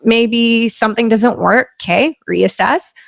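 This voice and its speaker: A woman's voice: on the high side, unhurried, vocal fry, dry recording, studio quality. A woman hosting a podcast, talking in an earnest, encouraging way and laughing easily. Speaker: podcast host. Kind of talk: casual conversational interview.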